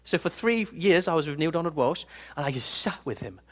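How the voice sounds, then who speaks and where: A man giving a live seminar talk to an audience in a room, telling stories in an animated, playful way. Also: a little high, brisk. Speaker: personal development speaker.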